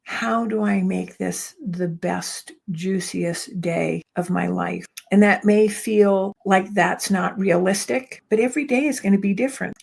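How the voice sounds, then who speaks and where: A middle-aged woman speaks with an earnest, measured warmth, and a gravelly fry runs under her words. She builds her thoughts through steady repetition, one phrase stacked on the next, in a reflective storytelling way. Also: medium pitch. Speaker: interview guest, speaker.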